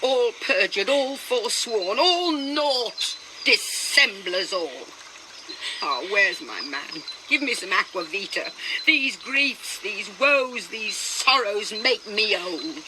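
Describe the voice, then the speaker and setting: A woman's voice: mid-range voice, expressive, slow pace, background noise. A woman reading the part of Juliet's nurse, lamenting and declaiming Shakespeare verse. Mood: bitter. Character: Juliet's grieving older nurse.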